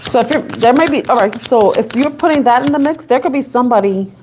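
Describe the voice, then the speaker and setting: A woman's voice: on the high side, quick pace, a little mellow, slight background noise. A woman giving a casual tarot reading, talking and thinking aloud in a chatty, giggly way. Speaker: tarot reader.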